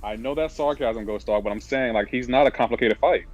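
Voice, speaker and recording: Fast-talking, blunt male guest. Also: medium pitch, muffled recording, a crowd in the background. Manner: quick, blunt, stammering restarts. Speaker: guest on stream. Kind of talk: casual gaming chat.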